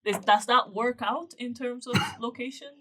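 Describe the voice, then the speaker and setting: Woman, tabletop game player, casual chat, hesitant, thinking aloud, bright sharp tone. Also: on the high side, fairly even intonation, normal speed.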